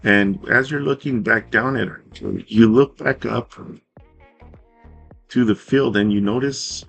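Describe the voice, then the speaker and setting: A man narrating a tabletop game as game master, in a relaxed, rambling way with fillers and self-corrections. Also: mid-range voice, unhurried, vocal fry, faint music behind.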